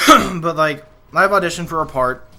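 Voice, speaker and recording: Bright-voiced, rambling male voice actor. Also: fairly high pitch, a little slow, a little hiss or hum. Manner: rambling, filler-heavy, frank complaints. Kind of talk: casual commentary vlog.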